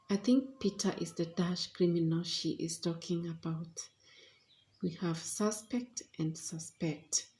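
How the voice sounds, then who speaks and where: Slow, measured woman teaching pronunciation. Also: lowish voice, dark tone. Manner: deliberate, measured, with frequent uh fillers. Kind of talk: slow explanatory lesson.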